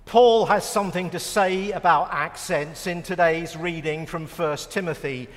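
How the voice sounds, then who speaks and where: A man's voice: on the high side, a little slow, long reverb tail. A middle-aged British man preaching a sermon with wry, self-mocking humor. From United Kingdom.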